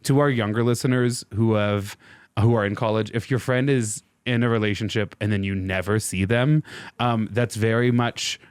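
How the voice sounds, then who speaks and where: Relaxed man podcaster, low and dry. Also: clean tone, no echo. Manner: relaxed, reactive, quick asides. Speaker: podcast co-host. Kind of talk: casual chat.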